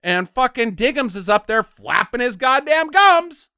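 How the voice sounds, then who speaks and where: Very high-pitched and very animated yet unhurried, this man's pushed, bright voice drives a profane, casual movie recap on the podcast he co-hosts. He rants, mocks, and performs characters in silly voices, in a dry, clean studio recording.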